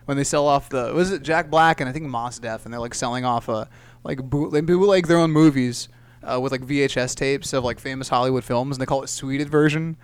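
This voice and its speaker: A man's voice: medium pitch, fairly quick, clear, resonant tone, no echo. A man co-hosting a podcast, rambling and joking with heavy profanity in a casual comedic chat. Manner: rambling, profane, jokey, puts on voices. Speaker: podcast co-host.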